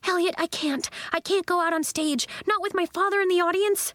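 A woman reading a storybook puts on a nervous young girl who is close to panic. Her voice sits high and leaps about, and she pleads in breathless bursts. It is recorded close and dry, with no room sound. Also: expressive, slow, dry recording, full character voice. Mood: panicky. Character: anxious young girl, stage-frightened.

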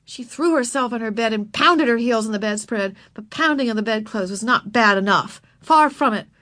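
Woman narrating a storybook, fairly high, bright and forceful tone. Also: normal speed. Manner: expressive, voices each character. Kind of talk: children's book read aloud.

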